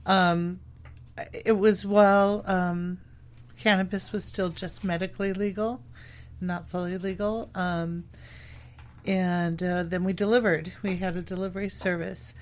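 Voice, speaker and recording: A woman talks as a guest on a chat show, pausing often with ums and uhs. Her delivery is loose and unhurried in tone. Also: on the low side, flat delivery. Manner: hesitant, many ums and uhs. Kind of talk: casual chat.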